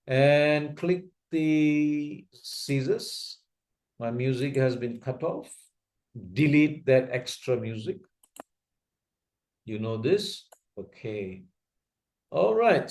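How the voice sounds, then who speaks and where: A man with an Asian English accent walks his learners through a video-editing tool at an unhurried, deliberate pace. He is patient and repeats each step. He keeps checking that everyone can see what he means. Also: medium pitch, darkish tone. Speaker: trainer teaching video editing. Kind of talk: slow step-by-step software tutorial.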